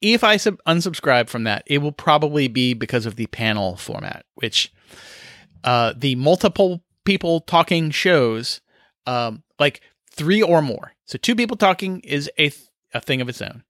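A man's voice: a little high, big pitch swings, moderate pace, fairly bright tone, no echo, studio quality. A man hosting a solo podcast, talking casually in a rambling, chatty way with lots of fillers, recorded in a small room. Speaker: podcast host.

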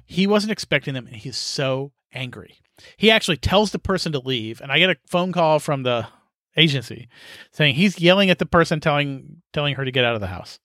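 A middle-aged man rants on his own podcast in a frank, exasperated way, with some swearing. His voice sits a little high for a man. The sound is dry and close, with no room echo. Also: fairly bright tone. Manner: frank, exasperated, swears freely, sighs and laughs. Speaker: podcast host. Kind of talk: casual solo monologue.

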